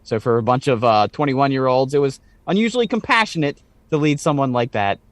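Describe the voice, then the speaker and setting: A man's voice: medium pitch, lively intonation, a little fast, no echo. A man co-hosting a podcast in casual chat, rambling and full of "like" fillers. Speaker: podcast co-host.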